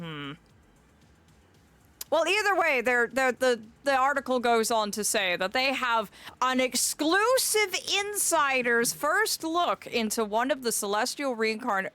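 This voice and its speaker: A woman's voice: a little high, animated, a little slow, sharp tone. A young woman streaming live in a fae persona, theatrical and fond, calling her viewers "my dear". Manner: theatrical, greets chatters fondly as "my dear".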